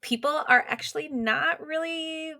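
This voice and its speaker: A woman guest on a podcast, a business coach, explaining in casual, animated talk full of "like" fillers. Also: high voice, measured pace, creaky, no room sound, studio quality. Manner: animated, quotes imagined inner voices, many "like" fillers.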